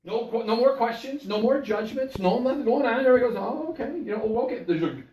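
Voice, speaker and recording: A man's voice: very high voice, fast, mellow, echoey room, recorded from a distance, highs cut off. A male pastor delivering a sermon, telling a story and putting questions to the congregation.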